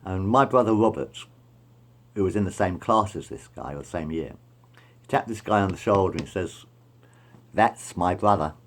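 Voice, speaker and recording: A man's voice: sits low, fairly quick. A middle-aged man rambles through school memories, repeating himself and correcting his details as he goes. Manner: repetitive, meandering, self-correcting. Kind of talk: rambling personal storytelling.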